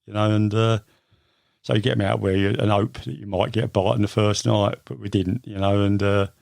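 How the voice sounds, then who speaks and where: An older man from England tells his story in a loose, rambling way, leaning on lots of fillers. His voice sits a little low and has a gravelly edge. The sound is dry and close. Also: fairly even intonation, fairly quick, darkish tone, no room sound. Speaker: guest. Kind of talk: casual storytelling interview.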